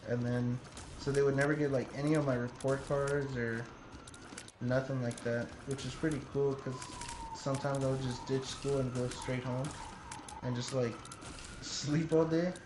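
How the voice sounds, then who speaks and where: A young man in his early twenties tells loose, rambling stories in casual chat, swearing freely as he goes. The room is roomy and echoey, with a clear layer of steady noise behind him. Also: mid-range voice, moderate pace. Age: 20s. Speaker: streamer.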